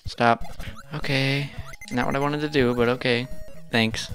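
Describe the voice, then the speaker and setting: Cursing, frustrated gaming host. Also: male voice, mid-range voice, fairly even intonation, unhurried, fairly bright tone, faint music behind. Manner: frustrated, swearing, talking to the game. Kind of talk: casual gameplay commentary.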